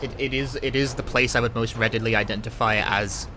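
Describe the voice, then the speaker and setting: This man is a speedrunner streamer from London, England, speaking with a London English accent as he chats casually through a live gameplay session, rambling, wry and swearing here and there. His pitch is medium and his intonation fairly even, his pace brisk, with background noise.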